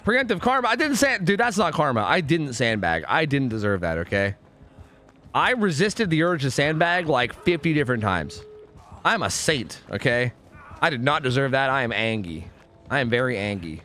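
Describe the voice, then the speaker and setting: A young man streaming a video game, rambling and swearing, swinging between groans and excited outbursts. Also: fairly high pitch, moderate pace. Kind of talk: live gameplay commentary.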